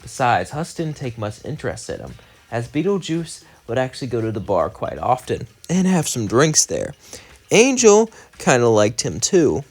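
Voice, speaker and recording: Over soft background music, a young man with a mid-range voice and huge pitch swings hosts his channel, telling a fan-made story at normal speed. His casual narration runs on, linking events with "as" and "would say," and his outro turns chatty and rambling with many fillers.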